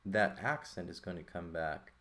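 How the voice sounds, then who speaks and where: A man with a very low, gravelly voice explains a language lesson at an easy pace. He thinks out loud and keeps checking in with the listener. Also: normal speed. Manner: relaxed, thinking aloud with frequent "right?" checks. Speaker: Greek teacher. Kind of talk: casual lesson walkthrough.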